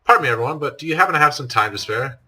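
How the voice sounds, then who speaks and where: A man doing a stiffly formal young woman, raised pitch. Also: lively intonation, rapid-fire, sharp tone, breathy edge, full character voice, poor audio. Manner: stiff, overly formal and polite.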